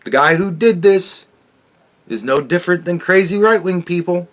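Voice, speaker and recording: A man's voice: sits high, moderate pace. A man hosting his own commentary show, talking bluntly with lots of swearing and frequent restarts. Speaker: podcast host. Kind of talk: casual commentary monologue.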